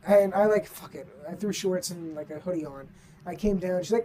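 A woman's voice: mid-range voice, brisk, a little mellow. A young woman co-hosting a casual student podcast, telling a story animatedly and swearing a lot. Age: young adult. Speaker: podcast co-host. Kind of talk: casual chat. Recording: distant from the mic.

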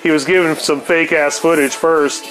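A man's voice: on the high side, steady tone, moderate pace, a bit bright, faint music behind. A man telling a rambling, profane story on his podcast, laughing now and then. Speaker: podcast host. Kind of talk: casual storytelling monologue.

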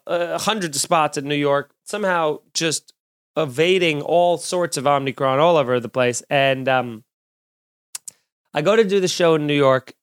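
A man, a comedian hosting a podcast, telling a story in a casual, animated way and acting out the other people's lines. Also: fairly high pitch. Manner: animated, acts out quoted voices.

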